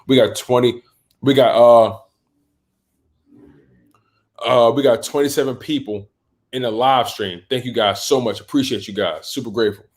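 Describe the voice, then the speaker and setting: A man's voice: mid-range voice, normal speed, pauses often. A man hosting a fan livestream, chatting casually and reading out viewer comments. He rambles, restarts his sentences and keeps saying "man" and "bro", and he sounds a little sleepy. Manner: rambling, repeats words and restarts, loose slang like "man" and "bro"; yawning and a bit sleepy. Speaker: host of a sports livestream.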